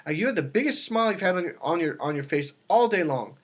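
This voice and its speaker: A man's voice: high voice, quick pace. A man coaching on dating, talking casually to camera and telling a story with lots of restarts and self-corrections. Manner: animated storytelling, acts out quoted dialogue.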